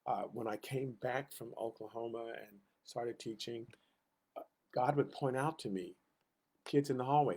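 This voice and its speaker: A man's voice: medium pitch, normal speed, darkish tone, breathy edge. A middle-aged man teaching a casual Sunday school Bible lesson, telling personal stories and acting out the voices he quotes.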